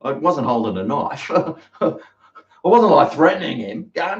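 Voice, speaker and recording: An Australian man rambles through stories for his live-stream viewers, his pitch rising and falling a lot. The sound is roomy and a little dull, like a home kitchen on a basic mic. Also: big pitch swings, unhurried. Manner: rambling, chatty storytelling. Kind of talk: casual live-stream chat.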